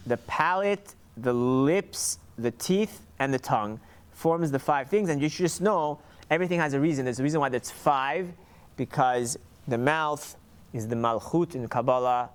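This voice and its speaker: A man giving an informal lesson on Hebrew letter sounds, sounding them out slowly and often restarting his sentences. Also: mid-range voice, clear, resonant tone. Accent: Sephardic Hebrew pronunciation. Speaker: Hebrew reading teacher.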